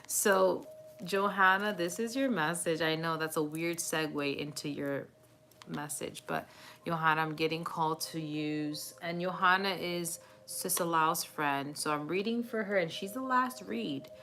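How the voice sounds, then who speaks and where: A woman's voice: fairly low pitch, a little slow, sharp tone. A woman doing a live tarot reading, talking in a chatty, reassuring way with many fillers and frequent laughs. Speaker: tarot reader.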